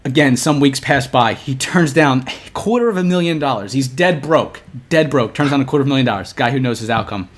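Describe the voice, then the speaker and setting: A young man co-hosting a podcast, telling a long story in casual chat, animated, restarting often and acting out the lines he quotes. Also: mid-range voice, brisk, few pauses. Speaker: podcast co-host.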